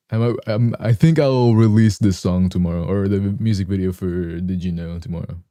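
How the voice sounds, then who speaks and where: A young man streaming live, talking easily and softly with his chat. His voice is deep and very dark, still a little rough from the morning, and he keeps clearing his throat. The sound is close and dry, with no room around it. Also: normal speed, dry recording. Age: young adult.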